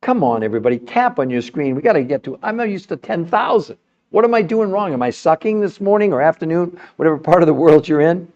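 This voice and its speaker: Older male stream host, emphatic and salesy, somewhat high-pitched, muffled lo-fi audio. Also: animated, fast talker, darkish tone. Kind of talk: live-stream talk to a chat audience.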